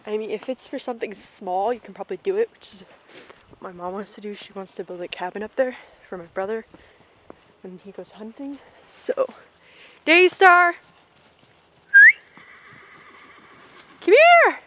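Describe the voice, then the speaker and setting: A woman's voice: medium pitch, fairly quick, darkish tone, slight background noise, rough recording. A young woman casually vlogging an outdoor farm tour on a handheld camera, chatting and calling out to her ponies.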